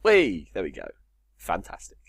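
A man's voice: sits low, wildly swooping pitch, a little slow, gravelly, fairly bright tone, husky, no echo. Guy narrating his minecraft game, swears loads, jumpy bouncy voice, dry close mic. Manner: swears a lot, jokey, talks to himself. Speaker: gamer. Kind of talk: casual Minecraft let's play commentary.

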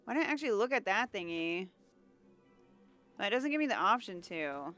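A woman's voice: medium pitch, big pitch swings, moderate pace, fairly bright tone, faint music behind. A woman streamer giving playful, jokey let's-play commentary as she talks to herself. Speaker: game streamer.

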